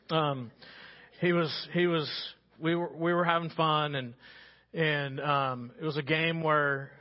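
A man preaching a sermon as pastor, telling stories in a conversational way and dropping quiet for serious points. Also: a little high, lo-fi sound. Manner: storytelling, conversational with sudden quiet drops. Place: church sanctuary.

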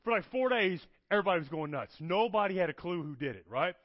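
A fast-talking man with a high-pitched voice preaches as a guest, weaving stories into his sermon. Animated, he repeatedly asks "okay? all right?", and the recording sounds dull, lo-fi, and dry with no echo.

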